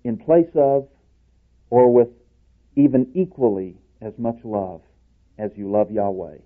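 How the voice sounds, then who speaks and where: A man's voice: mid-range voice, steady tone, a little slow, long pauses. Male preacher, emphatic sermon delivery, tinny lo-fi sound. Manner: emphatic, swings from loud declarations to hushed asides. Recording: tinny phone-like recording.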